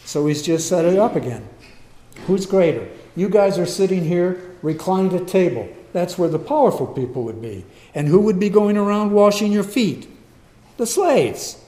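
A man preaching a sermon, swinging from quiet, low passages to loud, emphatic bursts. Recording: echoey room.

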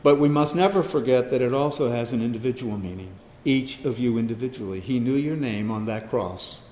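A man preaching an expository sermon, emphatic, swinging between loud stress and hushed asides. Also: medium pitch, a little fast, a little hiss or hum. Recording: echoey hall, long reverb.

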